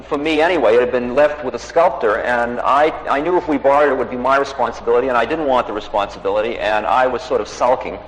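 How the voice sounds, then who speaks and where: A man recounting a personal story in a recorded talk, acting out the voices of the people he quotes. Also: mid-range voice. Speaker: spiritual teacher telling a story. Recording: echoey hall recording with faint noise.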